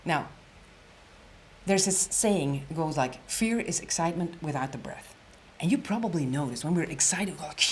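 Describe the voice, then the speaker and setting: With a low-sitting voice at a moderate pace and slight background noise, a woman who coaches presentations leads a lively storytelling workshop. Key points land in an emphatic whisper, and she often says phrases twice.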